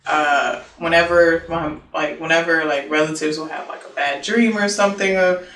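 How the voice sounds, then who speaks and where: A young woman of Haitian origin telling a personal story in casual, animated talk, full of fillers and quoted dialogue. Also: sits low, normal speed. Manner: animated, filler-heavy, quoting herself and others. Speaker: interview guest. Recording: roomy echo, distant mic, faint noise.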